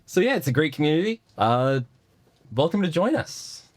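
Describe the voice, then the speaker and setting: A man's voice: on the high side, very animated, normal speed, no echo. A man playing a tabletop game who talks in a friendly, slightly rambling way. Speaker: player. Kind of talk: casual chat.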